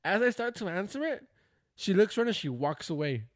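A man telling a comedy-club story in casual chat, animated and swearing, acting out quotes. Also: high-pitched, brisk, no room sound. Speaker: stand-up comedian, podcast co-host.

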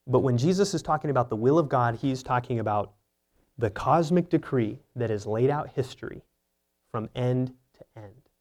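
A man's voice: medium pitch, animated, moderate pace, a little mellow. A man preaching an earnest, teaching sermon, often asking rhetorical questions. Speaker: pastor.

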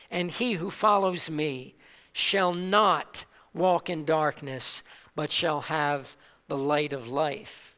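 A male pastor delivers a sermon at an unhurried, deliberate pace, leaning on key words with long pauses. His voice is bright and forceful. It rings out through a church sanctuary with a long reverberant tail. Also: sits high. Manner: slow, emphatic preaching with dramatic pauses.

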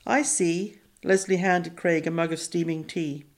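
A woman narrating a children's novel in a measured, even storytelling voice. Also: on the low side. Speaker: audiobook narrator. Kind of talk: scripted narration.

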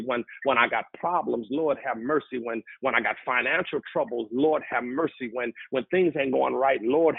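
A male pastor preaching, stammering through repeated words before he rises into excited calls. His voice is husky and gravelly. It comes through dry and tinny, like a phone line. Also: mid-range voice, dry recording. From California. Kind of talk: sermon.

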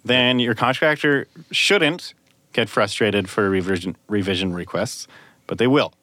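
A man who works as a sound designer, hosting a casual podcast chat and explaining things in a measured way. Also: lowish voice, sharp tone, no room sound.

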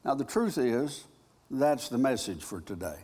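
A male pastor preaching a sermon, telling a story dramatically and moving between loud and hushed delivery. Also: medium pitch, very animated, measured pace, slightly rough. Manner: dramatic storytelling with big swings in loudness. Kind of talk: sermon with a retold personal story.

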